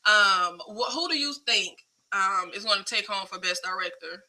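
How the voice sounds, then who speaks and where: A woman hosting a film talk show in casual chat, animated and slangy. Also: medium pitch, normal speed, poor audio. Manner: animated, slangy, emphatic, laughs often. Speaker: film podcast host.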